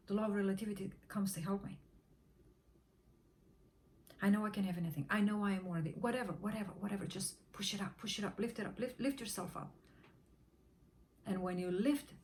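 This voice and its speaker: A woman's voice: medium pitch, a little mellow, slight background noise. Woman teaching manifestation with chanted repetition. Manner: rhythmic repetition, drops to a whisper during affirmations. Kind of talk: motivational teaching talk.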